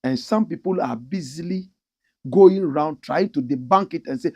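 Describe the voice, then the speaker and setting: A middle-aged Ghanaian man hosting an animated opinion commentary, impassioned and mimicking the people he talks about. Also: a little high, normal speed, husky. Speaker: commentary show host.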